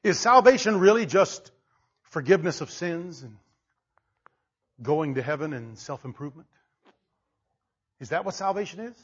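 High-voiced preacher, quiet to shouting. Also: male voice, lively intonation, moderate pace, long pauses, slightly rough, highs cut off. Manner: swings from quiet to shouting, laughing. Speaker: pastor. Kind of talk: sermon.

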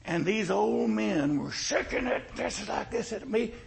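A man's voice: high voice, expressive, unhurried, vocal fry, noisy background. A male pastor preaching a sermon in a folksy, joking way, with emphatic repetition.

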